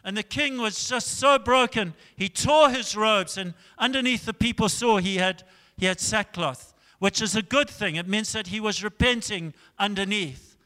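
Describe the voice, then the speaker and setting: Male preacher with a high voice, telling the story with dramatic loud-to-soft swings, in a reverberant church hall. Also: normal speed. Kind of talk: sermon.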